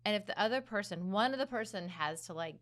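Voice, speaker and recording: A middle-aged woman talks casually as co-host, with a medium-pitched voice. She is chatty and pokes fun at herself, and she laughs easily between thoughts. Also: animated, fast talker, a bit bright. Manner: self-deprecating, chatty, laughs often. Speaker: podcast co-host, daughter-in-law. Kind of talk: casual conversation.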